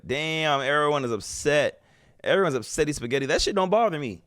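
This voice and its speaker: A man giving casual, animated reaction commentary as a streamer, slangy and swearing freely. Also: mid-range voice, fast talker.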